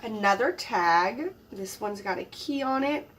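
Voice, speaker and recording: A woman hosting a crafting channel, narrating an unboxing in a casual, gushing way, admiring each item with soft exclamations. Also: medium pitch, expressive, a little slow, recorded from a distance.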